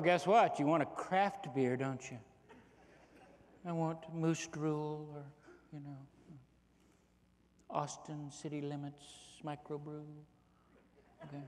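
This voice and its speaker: A man in his fifties speaks at a conference keynote, folksy and joking, and keeps throwing rhetorical questions at the crowd. His voice sits at an ordinary middle pitch. A long reverb trails off every phrase in the large hall. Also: a little mellow. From Texas. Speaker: economist giving a keynote talk.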